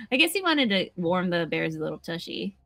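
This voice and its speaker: A woman's voice: on the low side, big pitch swings, normal speed, sharp tone, dry recording. A woman co-playing a mystery game, chatting casually with giggly, joking asides. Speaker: co-player. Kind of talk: casual gameplay chat.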